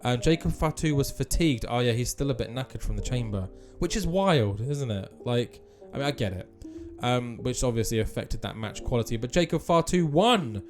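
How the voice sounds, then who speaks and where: A man's voice: medium pitch, expressive, normal speed, hardly any pauses, darkish tone, soft background music. A man giving casual, offhand commentary on a wrestling game.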